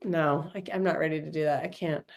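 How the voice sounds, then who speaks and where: A woman's voice: low voice, steady tone, brisk, background noise. A woman co-hosting a casual streamed football chat, ranting in a frustrated, rambling way. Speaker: co-host.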